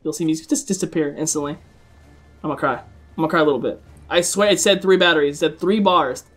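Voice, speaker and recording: A man hosting live gameplay commentary, excitable, swearing often and chatting to his viewers. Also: fairly high pitch, a little fast, soft background music. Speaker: gaming video host.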